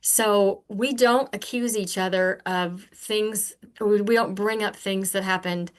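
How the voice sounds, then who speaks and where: Older lady telling earnest stories, animated, middle pitch, acts out old arguments. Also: takes it slowly. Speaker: podcast guest. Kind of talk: candid conversational storytelling.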